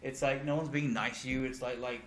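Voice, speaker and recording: A man's voice: mid-range voice, steady tone, fairly bright tone. Stammering British man, echoey room. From Britain. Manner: halting, stammers, restarts often. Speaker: podcast co-host. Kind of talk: casual chat. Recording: echoey room with faint noise.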